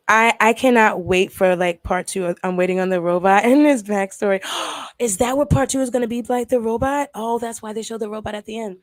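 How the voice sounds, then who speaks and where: A woman hosting a casual livestream, talking excitedly to her viewers and swearing freely. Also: a little high, no room sound. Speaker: livestream host.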